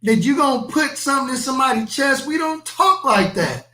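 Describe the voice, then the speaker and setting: High-pitched, bright-voiced man reacting live. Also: animated, a little fast. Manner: emphatic, skeptical, addresses viewers directly. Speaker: live-stream reaction host. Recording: echoey room.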